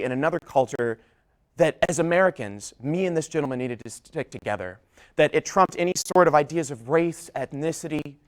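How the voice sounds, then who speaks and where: A young man giving a public talk, telling a personal story, whose voice trails off low at the ends of his sentences. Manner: storytelling with shifting volume, drops low at line ends. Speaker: public speaker.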